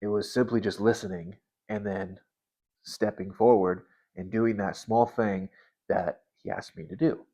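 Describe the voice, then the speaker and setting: A man in his thirties sharing a personal faith story in an earnest, halting way, often restarting his words. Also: on the low side, steady tone, dark tone, highs cut off. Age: 30s. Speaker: Christian vlogger.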